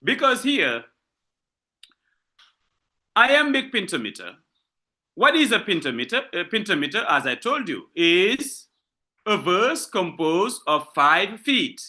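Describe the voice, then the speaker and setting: A man's voice: high voice, sing-song, slow pace, long pauses, pushed and bright. A man lecturing on poetry in a live online class, with a French-speaking West African accent, asking rhetorical questions and repeating points patiently. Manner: switches between French and English. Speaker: literature lecturer.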